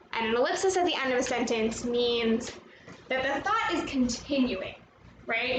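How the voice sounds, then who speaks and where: In an echoey room with music playing, a woman with a high-sitting voice teaches children a movement lesson. She explains each step in an upbeat, encouraging way, and the distant mic catches plenty of background noise.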